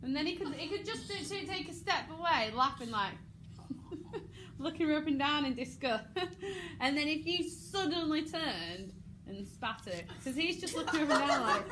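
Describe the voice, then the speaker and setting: A fairly high-voiced English woman runs a drama class, jumping into the lines herself and breaking into laughter between them. The recording has clear background noise from the room. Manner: animated, acts out lines and laughs often. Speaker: drama teacher. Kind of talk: drama lesson, acting out lines.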